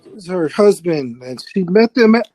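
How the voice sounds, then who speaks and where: A man hosting live radio, telling a story in a halting, exasperated way and scolding the person playing sound effects. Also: high voice, lively intonation, darkish tone, no echo.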